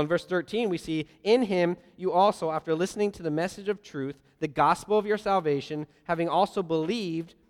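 Lively preacher in a reverberant hall. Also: male voice, a little high, clear, resonant tone. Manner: lively storytelling with playful voiced asides. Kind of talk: sermon.

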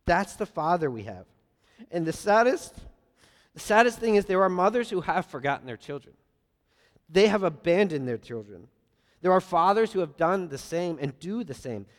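A man preaching a sermon, earnest, swinging between loud emphasis and soft, quiet lines. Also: sits high, big pitch swings, normal speed. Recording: long reverb of a large hall.

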